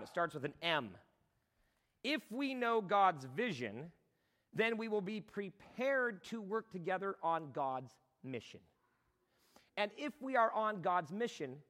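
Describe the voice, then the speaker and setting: A male pastor preaching a sermon in a conversational, impassioned way, now and then bursting into a shout, recorded in a church with long reverb. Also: high voice.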